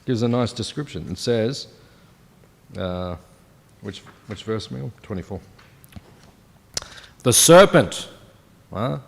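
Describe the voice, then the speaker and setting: A man in his fifties gives a scripture class in a temple hall. His voice sits fairly low. He speaks loosely and conversationally, and he often turns questions to the room. The sound rings with a long hall reverb. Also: animated, slow, vocal fry, long pauses. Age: 50s. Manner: conversational, asks the audience questions.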